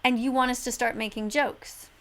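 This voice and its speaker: A preachy woman talks straight to the camera, emphatic and exclaiming. Her voice sits a little high for a woman. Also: fairly even intonation, normal speed, fairly bright tone, poor audio. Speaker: vegan activist video host. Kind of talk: reaction commentary to camera.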